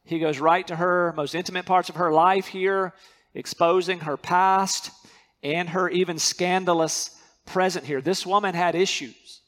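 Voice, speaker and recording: Man, pastor, sermon, earnest, emphatic repetition, fairly high voice. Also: fairly even intonation, measured pace, fairly bright tone. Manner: earnest preaching, repeats key words for emphasis.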